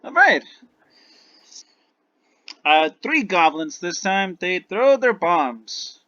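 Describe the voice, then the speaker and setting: A man's voice: high voice, big pitch swings, very slow, bright, forceful tone, no room sound, dull audio. A man narrating a tabletop game as game master, rambling and correcting himself as he goes.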